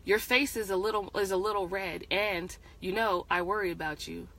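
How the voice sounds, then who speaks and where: A woman's voice: medium pitch, moderate pace, pushed and bright, low-quality recording. A woman voicing a husband who checks on his wife with concern, read aloud from her own story with little change to her voice. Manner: concerned, casual.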